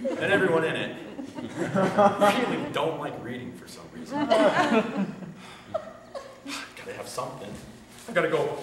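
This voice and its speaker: Animated young man in a one-man show. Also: very high-pitched. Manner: animated, self-deprecating, excitable. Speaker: solo stage performer. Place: university theater stage. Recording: echoey hall, distant mic, noise.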